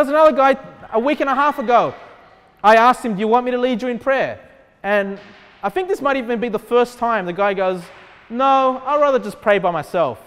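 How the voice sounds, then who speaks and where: A man preaching a sermon in a church, talking conversationally and asking the congregation many questions. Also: high-pitched. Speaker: pastor. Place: church sanctuary. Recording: long church hall reverb.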